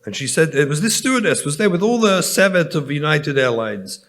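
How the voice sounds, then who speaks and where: A man's voice: fairly high pitch, lively intonation, brisk, fairly bright tone. An English man, a rabbi, delivering a storytelling keynote address and speaking directly to the audience. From England.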